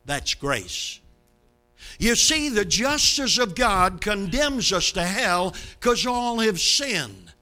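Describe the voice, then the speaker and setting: A man in his seventies from Brooklyn preaching a sermon from the pulpit, dramatic, swinging from loud bursts to low hushed line endings. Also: sing-song, slow pace, soft background music. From Brooklyn, New York. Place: church sanctuary, behind a pulpit.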